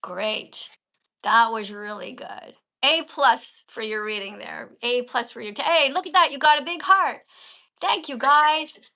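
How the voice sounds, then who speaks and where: A woman's voice: a little high, a little slow, vocal fry, pushed and bright. A woman hosting a casual livestream, talking in an emphatic, coaching way and stressing key words. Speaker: livestream host and vegan teacher.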